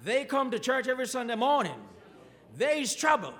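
Impassioned high-voiced male preacher, reverberant hall. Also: big pitch swings, a little fast, fairly bright tone. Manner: impassioned preaching with repeated questions. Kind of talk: sermon. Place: church.

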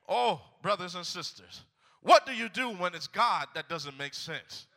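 A man's voice: high-pitched, expressive, a little slow, sharp tone. A man preaching a fervent sermon to a congregation, repeating his phrases and calling out to them. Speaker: pastor. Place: church sanctuary. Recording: long reverb of a large hall.

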